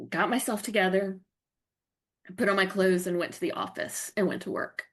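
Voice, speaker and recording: A middle-aged woman from North Carolina, a guest telling her personal story candidly and reflectively, with halting restarts. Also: medium pitch, steady tone. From North Carolina, USA.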